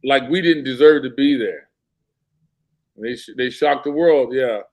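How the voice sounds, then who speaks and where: A man's voice: mid-range voice, unhurried. A man in casual sports talk, telling a story with energy and acting out what people said. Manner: animated storyteller, acts out quotes. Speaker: guest.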